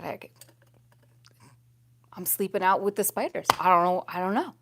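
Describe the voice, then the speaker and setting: A young woman vlogger chatting casually to her viewers, laughing often and swinging between loud exclamations and hushed whispers. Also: lowish voice, moderate pace, gravelly, long pauses, noisy background. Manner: laughs often while talking.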